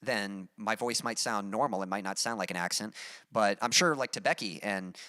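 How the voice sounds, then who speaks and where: A man from Texas with a mild Texas accent, a musician chatting casually on a livestream and reading out his chat, relaxed and rambling with many fillers. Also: lowish voice, normal speed, no room sound, studio quality. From Texas, USA.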